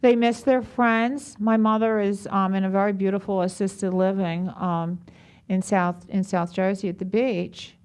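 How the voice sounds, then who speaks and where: A woman's voice: mid-range voice, flat delivery, normal speed, darkish tone. A middle-aged woman teaching a group in an everyday, mid-range voice. She talks in a chatty, affectionate way and keeps asking her class questions. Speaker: stress management group leader. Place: group room at a care center.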